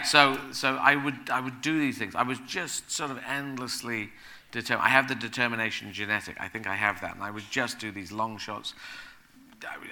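Man, very bright tone, animated rambling guest at a live event. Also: fairly low pitch, slight background noise. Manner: rambling, animated, laughing as he talks. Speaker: guest speaker. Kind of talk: onstage conversation at a live event.

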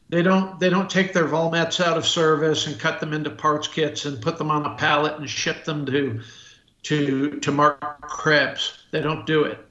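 Halting man on an echoey, muffled line. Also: fairly high pitch, fairly bright tone. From United States. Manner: halting, full of restarts and fillers. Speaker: guest expert on military rifles. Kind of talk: podcast interview.

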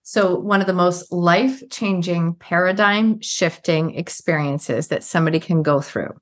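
Low-voiced woman interviewer. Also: measured pace. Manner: reflective, restating the guest's words. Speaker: podcast host.

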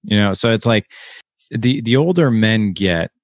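A man with a fairly low voice talks in an earnest, emphatic way on a podcast. The recording is dry and close, with no room sound. He acts out short imagined exchanges between friends as he goes. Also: animated, unhurried, dry recording. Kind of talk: casual podcast talk.

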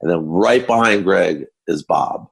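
An older man, a photographer guest, telling backstage anecdotes in an animated storytelling manner. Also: low voice, measured pace, creaky, breathy edge. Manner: animated storyteller acting out quotes.

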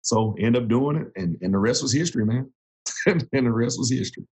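A man in his thirties, a former Marine turned coach, telling his story in a relaxed, casual way with frequent laughs. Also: mid-range voice, brisk. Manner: relaxed, laughs often, restarts sentences.

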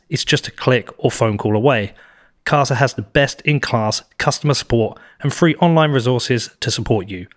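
A British podcast host with a medium-pitched, slightly bright voice reads the sponsor ads, then chats casually with his guest, laughing often and restarting his sentences.

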